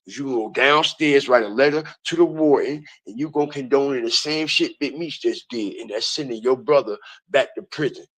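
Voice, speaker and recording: A man's voice: medium pitch, moderate pace. A man hosting an online commentary video, ranting in a heated, profane way and repeating his points.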